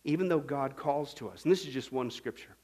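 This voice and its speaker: A man preaching a sermon as pastor, animated and humorous, asking the congregation questions and acting out little scenes. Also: mid-range voice, a little fast.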